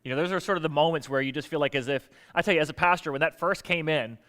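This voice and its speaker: A man preaching a sermon as pastor, animated and joking with the congregation in a church sanctuary. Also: fairly high pitch, very fast, in a large hall.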